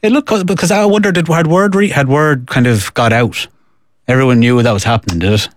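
A man co-hosting a podcast, excitable and laughing easily in quick casual back-and-forth. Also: medium pitch, dry recording, studio quality. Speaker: podcast co-host. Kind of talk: casual chat.

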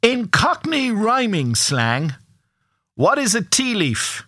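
A man's voice: high voice, slow, no room sound. A man hosting a breakfast radio show, chatting casually and running a quiz on a studio microphone. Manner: chatty, relaxed, talks straight to listeners.

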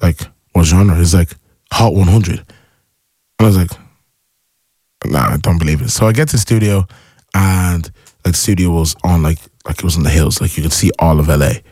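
A young man with a very deep, low voice tells stories in a relaxed interview. He gets excitable and acts out his own reactions along the way. The sound is dry and close, with no room around him. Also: a little fast, husky, dry recording. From Ireland. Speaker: musician guest. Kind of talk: casual interview chat.

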